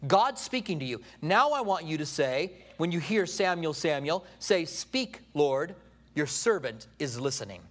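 A preacher acting out a grumpy sleepy old priest. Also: male voice, on the high side, very animated, unhurried, pitched below the performer's own voice. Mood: instructing.

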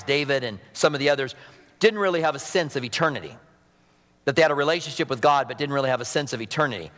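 A man preaching a sermon as pastor, animated and fervent, dropping to soft intimate moments. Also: a little high, long reverb tail.

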